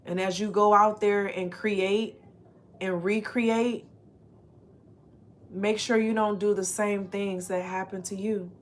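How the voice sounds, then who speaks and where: A spiritual card reader, a woman, reads oracle card messages and affirmations aloud, speaking earnestly and directly to the listener and slowly repeating phrases for emphasis. Her mid-range voice holds a steady tone over slight background noise.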